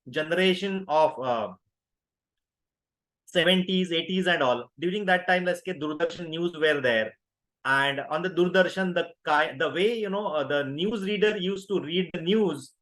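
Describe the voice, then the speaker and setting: A man's voice: on the high side, a bit bright. A man in his fifties with an Indian English accent, giving an online workshop lecture, full of fillers and self-corrections. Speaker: workshop trainer.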